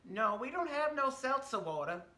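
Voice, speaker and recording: A man voicing a blunt young waitress in a small diner who retorts flatly. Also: very high voice, normal speed, pitched above the performer's own voice, exaggerated voice. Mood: incredulous. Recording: roomy echo.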